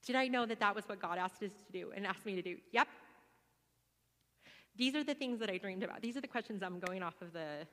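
A woman in her forties telling a personal testimony to a church gathering in a chatty, animated way, with many fillers. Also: mid-range voice, brisk, long reverb tail.

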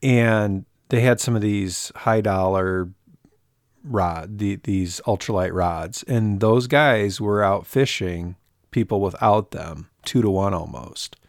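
A man's voice: deep voice, no echo, clean studio sound. A man co-hosting a fishing podcast in casual chat, rambling and self-mocking, often restarting his sentences. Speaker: podcast co-host.

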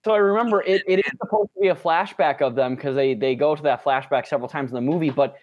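A man's voice: fairly high pitch, fast talker, narrow, tinny audio. A man on a podcast, reviewing a film in casual chat, incredulous and swearing a lot. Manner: animated, profane, incredulous. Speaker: podcast co-host.

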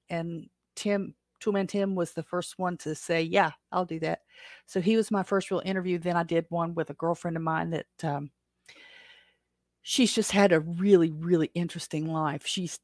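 A woman's voice: fairly low pitch, no room sound, clean studio sound. A woman hosting a casual livestream chat, rambling along with frequent self-corrections and small laughs. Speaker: podcast host.

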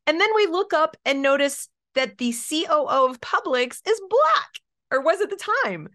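Her voice is high and her pace moderate. She's a middle-aged education consultant being interviewed, animatedly telling stories and performing the voices of whoever she quotes.

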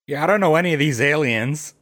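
A man on a casual podcast who talks in an expressive, joking way. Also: a little high, quick pace.

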